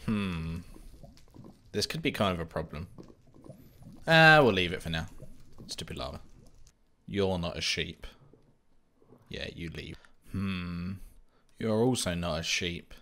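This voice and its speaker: A man's voice: low-pitched, animated, slow pace, pauses often, sharp tone. A young man giving chatty, self-mocking commentary while playing a survival game. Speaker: Minecraft let's-player. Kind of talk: casual gameplay commentary.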